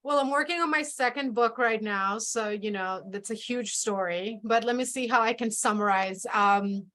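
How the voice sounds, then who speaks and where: A woman guest on a video call, talking about her spiritual path in a slow, reflective way, often restarting and trailing off. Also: fairly high pitch, a bit bright. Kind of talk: casual spiritual conversation.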